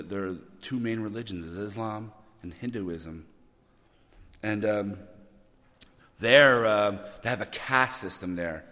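Man preaching a sermon in an echoing hall. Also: fairly low pitch. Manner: animated, repeats words, rises to loud emphasis. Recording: long reverb of a church hall.

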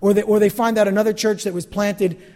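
A man's voice: high voice, flat delivery, quick pace, dark tone, long reverb tail. A pastor delivering a sermon in a church, talking animatedly and acting out the voices of people he quotes.

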